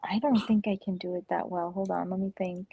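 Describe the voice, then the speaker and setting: A woman's voice: lowish voice, steady tone, a little fast, creaky, muffled recording, noisy background. A woman chatting casually on a livestream, rambling with lots of "like", laughing often and slipping into playful impersonations. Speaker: stream guest. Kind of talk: casual chat.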